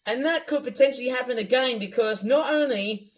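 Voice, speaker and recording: A man from the UK rambling through a livestream commentary, wordy and repetitive, swinging between loud bursts and low mutters. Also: fairly quick, slight background noise, rough recording. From United Kingdom. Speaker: YouTuber. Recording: faint music under the voice. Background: music playing.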